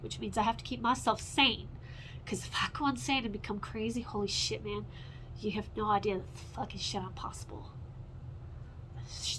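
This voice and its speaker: A woman in her forties ranting in an unscripted, profane monologue, rambling and swinging between loud outbursts and low mutters. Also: a little hiss or hum, low-quality recording. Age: 40s.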